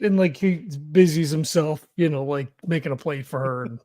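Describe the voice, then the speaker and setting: A man's voice: fairly high pitch, moderate pace, darkish tone. A man playing a tabletop game, talking casually and hesitantly with many fillers. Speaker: player.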